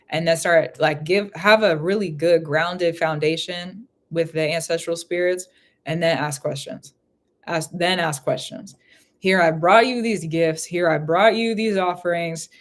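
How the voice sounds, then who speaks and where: A woman giving a live spiritual reading in casual chat, who laughs often and repeats phrases. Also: fairly low pitch. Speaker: spiritual reader.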